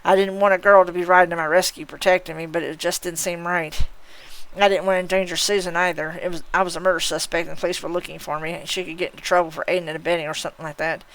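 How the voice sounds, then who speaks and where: A woman's voice: fairly low pitch, level tone, a bit bright, poor audio. A woman reading a novel aloud on a live stream, taking her time over each line. She stumbles now and then and corrects herself mid-sentence. Her voice sits in a middle register. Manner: unhurried reading with occasional slips and self-corrections.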